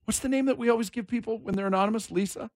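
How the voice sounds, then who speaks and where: A man hosting a morning radio talk show, animated and jokey, quick to laugh. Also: high-pitched, no echo, studio quality.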